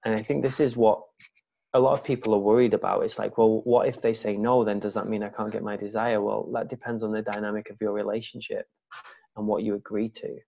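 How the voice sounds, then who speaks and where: Man, low voice, gravelly fry, slow deliberate delivery, soft-spoken, dull lo-fi recording. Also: little pitch movement. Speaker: guest. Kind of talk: casual conversation. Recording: dull lo-fi sound.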